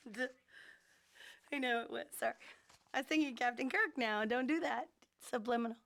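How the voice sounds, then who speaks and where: A woman hosting a game stream who laughs off her own slip-ups. Her voice sits high and light. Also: normal speed, gravelly, fairly bright tone. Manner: laughing, self-deprecating. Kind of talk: casual stream chat.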